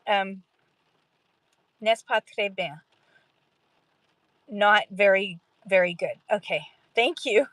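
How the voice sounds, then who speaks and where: A woman chats casually on a livestream at a middling pitch, rambling from one thing to the next and poking fun at herself. The recording is dry and close, with no room sound. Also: fairly bright tone, no room sound. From Canada. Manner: chatty, rambling, self-deprecating, laughs often. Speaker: livestream host for sellers.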